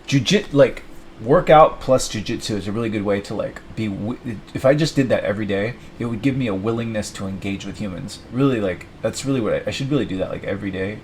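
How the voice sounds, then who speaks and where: A man's voice: fairly low pitch, fast talker, slight background noise, low-quality recording. A young man thinking aloud at his desk, rambling and self-mocking as he plans his week. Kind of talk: rambling solo self-talk.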